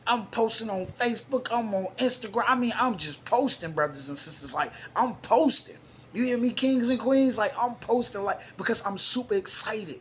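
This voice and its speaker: A man's voice: very high-pitched, lively intonation, normal speed, slight background noise. Emphatic man giving a casual pep talk. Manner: emphatic and repetitive, informal slang, addresses listeners as brothers and sisters. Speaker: motivational speaker and show host. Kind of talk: casual motivational talk to camera.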